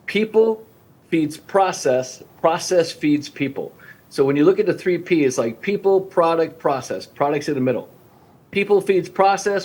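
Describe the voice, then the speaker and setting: Energetic older-sounding man, restaurant coach. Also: fairly high pitch. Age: 50s. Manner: energetic, acts out phone-call dialogues with clients. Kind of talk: podcast interview guest.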